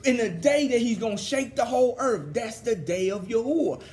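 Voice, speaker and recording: A man teaching a scripture study, excited and fervent in a preachy way. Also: extremely high pitch, moderate pace, slight background noise. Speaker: Bible teacher.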